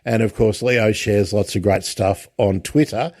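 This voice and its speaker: A man hosting a casual interview, chatty, with lots of halting restarts. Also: fairly low pitch, fairly even intonation, a little mellow, dry recording. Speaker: podcast host.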